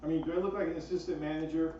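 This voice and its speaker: Guy doing deadpan standup jokes in a cafe, bit high voice, noisy hissy room recording. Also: rapid-fire. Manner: deadpan one-liners with fillers. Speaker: stand-up comedian. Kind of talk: stand-up comedy set. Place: small cafe stage. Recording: far-off echoey lo-fi room recording with noise.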